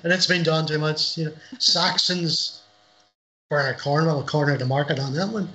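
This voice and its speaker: A middle-aged man from Northern Ireland speaks as an author guest over a livestream call. His voice is bright and somewhat high for a man, and he rambles through anecdotes with repeated words and restarts. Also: fairly even intonation, moderate pace, slight background noise, poor audio. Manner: rambling, repeats words, laughs at own stories. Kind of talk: casual interview chat. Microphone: livestream video call.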